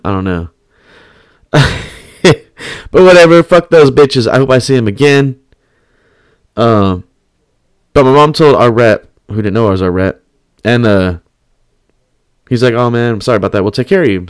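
A man's voice: mid-range voice, no room sound, clean studio sound. A young man telling a story in casual, profane, slang-heavy speech, laughing often.

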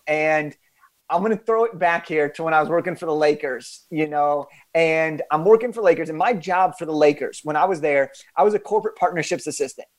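Young adult man, high-pitched voice, podcast guest, animated emphatic storytelling, frequent restarts.

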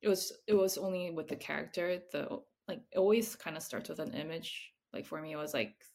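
A woman's voice: low-pitched, fairly quick, creaky, a little mellow. A woman, a picture book author, chatting casually in an interview, hesitant and full of "like" fillers, often laughing.

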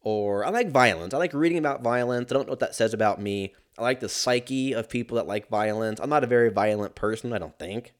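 A man hosting a casual solo podcast, rambling and swearing freely, mocking himself and laughing at his own jokes. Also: lowish voice. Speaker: podcast host.

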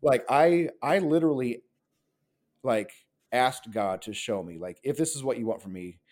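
Man, around 40, pastor, casual interview, rambling, earnest, mid-pitched voice. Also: moderate pace, a little mellow. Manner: rambling, earnest, heavy use of "like".

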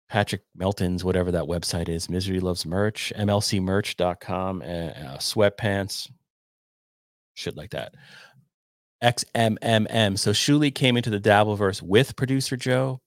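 A man's voice: lowish voice, dry recording, clean studio sound. A man hosting a casual livestream, rambling loosely, swearing and reading viewer donations aloud. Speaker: podcast host reading chat.

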